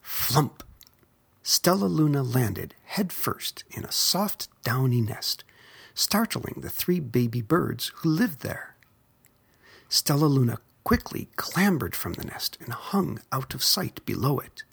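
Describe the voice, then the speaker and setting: A storyteller reading a children's picture book aloud in a soft, gentle whisper. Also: medium pitch, very animated, takes it slowly, gravelly, slightly rough.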